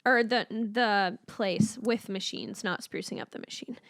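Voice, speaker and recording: A woman's voice: mid-range voice, a little slow, fairly bright tone, dry recording, studio quality. A woman co-hosting a casual podcast, mostly giving short reactions and telling jokes at her own expense. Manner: mostly brief reactions, self-deprecating joking. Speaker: podcast co-host. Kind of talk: casual chat.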